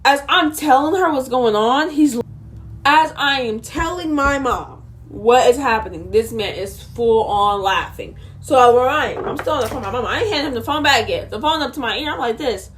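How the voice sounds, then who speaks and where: A young woman with a high voice tells a storytime vlog to her viewers. She is indignant and sassy, throwing quick asides straight at the audience. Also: expressive, fairly bright tone. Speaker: vlogger.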